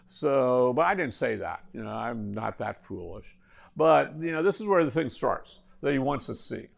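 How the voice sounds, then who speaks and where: A man's voice: mid-range voice, lively intonation, moderate pace, vocal fry. A middle-aged man, a university professor, giving a classroom lecture with anecdotes and wry joking asides.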